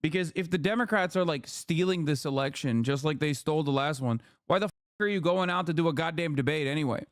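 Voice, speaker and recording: A man giving casual political commentary as a streamer, animated and profane, often tagging his points with "okay?". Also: fairly high pitch, fast, few pauses, dry recording, studio quality. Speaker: streamer reacting to news.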